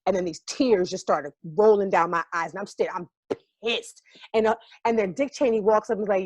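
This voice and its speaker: A woman's voice: medium pitch, fairly even intonation, fairly quick, a little mellow, dry recording. A woman from New York, a stage actor as a guest, telling a story in a vivid, profane and emotionally open way. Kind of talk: casual storytelling.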